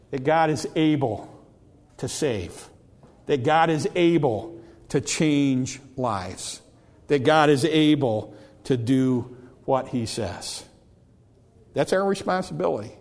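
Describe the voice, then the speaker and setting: A man delivering a sermon from the pulpit, his voice sitting a little higher than most men's. He preaches emphatically, repeating words and restarting phrases as he builds his point. A long reverb trails each phrase. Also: a little mellow. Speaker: pastor.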